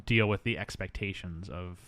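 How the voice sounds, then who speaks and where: A man's voice: low-pitched, moderate pace, a bit bright. A man hosting a casual movie review podcast, rambling and jokey, now and then slipping into silly voices. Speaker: podcast host.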